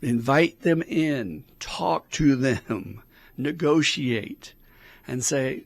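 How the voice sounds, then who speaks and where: Gravelly blunt man coaching. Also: medium pitch, drawn-out words. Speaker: addiction counselor. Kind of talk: casual advice podcast talk.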